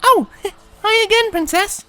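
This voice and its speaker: A man's voice: very high voice, takes it slowly, pushed and bright, faint music behind, voice pushed up, exaggerated voice. A man voicing a carefree young female pony who talks in an airy, unbothered way. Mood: breezy.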